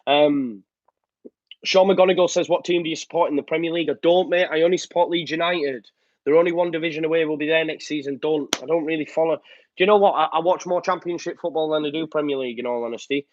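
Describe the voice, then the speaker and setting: A man's voice: fairly high pitch, fast talker, no room sound. A man hosting a live fan show, chatting casually, reading out viewer comments and rambling with lots of ums. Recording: slightly muffled dry sound.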